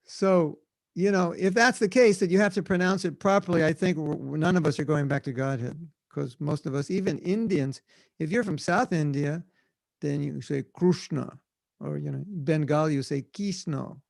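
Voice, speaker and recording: An American man teaching at a devotional seminar, his voice a little high for a man with a gravelly edge. He keeps the talk animated, slipping into small acted-out voices and laughing often. The sound is dry and close, as on a video call. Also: normal speed, no echo. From United States. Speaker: spiritual teacher.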